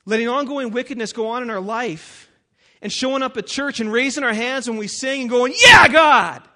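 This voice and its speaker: A pastor giving a sermon and reading scripture aloud, emphatic and building to forceful peaks. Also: male voice, very high-pitched, steady tone, fairly quick.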